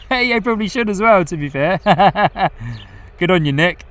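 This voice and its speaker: A man with a fairly high, slightly bright voice and lively intonation keeps a measured pace while hosting an outdoor plane-spotting livestream at an airport. He chats about the aircraft, reads out viewer comments, and laughs frequently.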